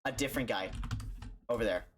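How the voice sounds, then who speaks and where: A young man, a streamer, telling a story casually and animatedly, putting on high voices for the people in it. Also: a little fast, fairly bright tone, a little hiss or hum.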